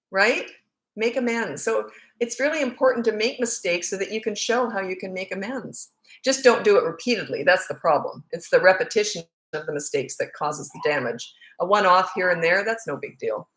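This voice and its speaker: A woman's voice: mid-range voice, animated, normal speed, a bit bright. A middle-aged woman, a parenting coach, chatting casually on a livestream and telling stories with frequent laughs. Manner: chatty storytelling, laughs often.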